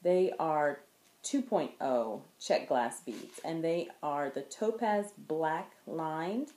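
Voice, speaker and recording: A woman's voice: deep voice, lively intonation, takes it slowly, mellow. A woman hosting a knitting video podcast, chatting casually and correcting herself as she shows her work to the camera. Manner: chatty, meandering, self-correcting while showing work to camera. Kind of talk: casual show-and-tell chat. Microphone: camera in front of her. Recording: roomy echo.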